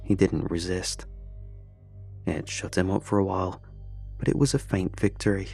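A man's voice: low voice, level tone, normal speed, creaky, darkish tone, breathy edge, soft background music. A man narrating a first-person horror story in a tense, confessional way.

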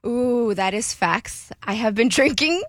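A woman co-hosting a morning radio show, talking earnestly in casual banter with some halting restarts. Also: a little high, lively intonation.

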